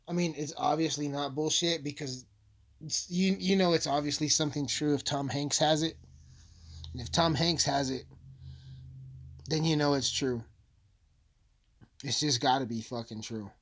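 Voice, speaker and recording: A man's voice: a little high, normal speed, pauses often. A man delivering a rambling, profane comedic rant as a vlogger, full of asides and swearing.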